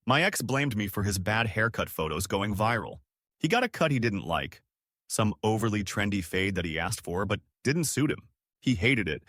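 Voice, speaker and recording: A male narrator reads short stories aloud in a wry, storytelling way. His pitch rises and falls freely, and the sound is dry and close, with no room around it. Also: fairly bright tone, no room sound. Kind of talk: scripted narration of reader stories.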